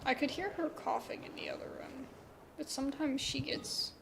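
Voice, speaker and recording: Chatty high-voiced woman streamer. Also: normal speed, vocal fry, noisy background. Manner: chatty, rambling, giggly. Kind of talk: casual gameplay commentary.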